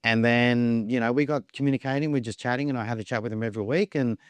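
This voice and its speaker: A man's voice: mid-range voice, fairly even intonation, fast, no echo. Rambling man telling his story. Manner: rambling, repeats words, acts out quoted dialogue. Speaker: podcast guest. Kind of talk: casual storytelling.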